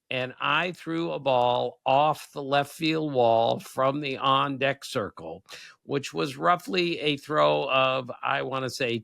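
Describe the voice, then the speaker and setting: With vocal fry and a sharp tone at medium pitch, this man in his sixties rambles through baseball anecdotes as a podcast co-host, laughing frequently. He once wrote about baseball, and the recording has no room sound.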